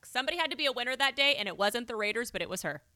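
A woman's voice: a little high, animated, racing, sharp tone, no room sound. A young woman co-hosting a podcast, joking around and riffing on silly ideas. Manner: joking, riffs on silly bits. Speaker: podcast co-host. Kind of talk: casual chat.

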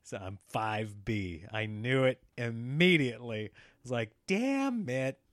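A man in his thirties telling a story in casual chat, animated and slipping into the voices of people in it. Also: fairly low pitch, a little slow, no echo, studio quality.

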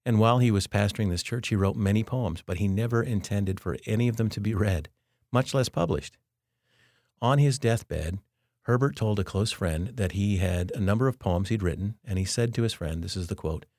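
A man hosting a devotional podcast, speaking in an earnest, measured and reflective way. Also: lowish voice, a little mellow, dry recording, clean studio sound. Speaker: podcast host.

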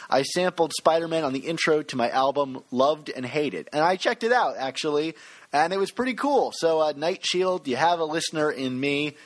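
A man co-hosting a podcast in casual chat, playful as he reads listener reviews aloud. His speaking voice sits a little higher than usual for a man. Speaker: podcast co-host.

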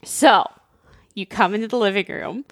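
Against a noisy background, a woman with a mid-range voice and vocal fry speaks at normal speed. She's telling her husband a story in casual chat, animatedly voicing the quotes and using frequent "like" fillers.

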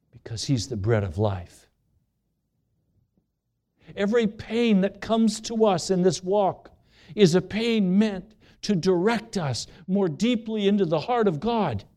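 A man preaching a sermon, earnest and questioning, slowing down to stress key words. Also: on the high side, a little mellow. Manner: earnest, questioning, slows for emphasis.

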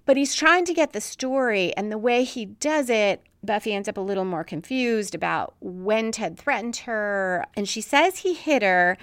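A woman's voice: mid-range voice, a bit bright, no echo. A woman hosting a casual recap of a TV episode, retelling scenes in a conversational way. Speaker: podcast host recapping a TV episode.

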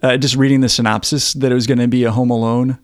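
A man's voice: medium pitch, level tone, quick pace, no echo. A man co-hosting a podcast, talking casually about a film, laid-back and swearing freely, on a close mic. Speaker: podcast co-host.

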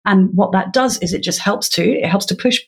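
A woman's voice: mid-range voice, brisk, slightly rough. A woman guest in an interview, patiently explaining in a teacherly way and laughing now and then. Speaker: literacy educator guest.

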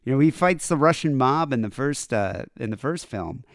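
A man co-hosting a podcast, spinning a long anecdote in a smooth, resonant voice. He acts out both sides of the exchange as he goes. The sound is dry and close, with no room around it. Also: medium pitch, normal speed, no room sound. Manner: animated retelling, acts out both sides of a conversation. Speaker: podcast co-host. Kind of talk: casual storytelling chat.

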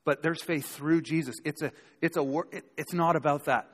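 Male pastor preaching, kinda high voice, chatty and emphatic, asks the crowd stuff, big echoey church. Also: steady tone, normal speed, a bit bright, slightly rough. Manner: conversational, emphatic preaching with rhetorical questions to the congregation. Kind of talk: sermon. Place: church sanctuary before a live congregation. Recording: long hall reverb.

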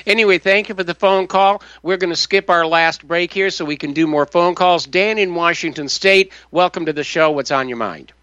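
Male radio host, halting with fillers, bright dry voice, slightly dull audio. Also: high-pitched, clear, resonant tone, no room sound. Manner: halting, many uh fillers, firm opinions. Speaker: radio talk show host. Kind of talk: call-in talk radio.

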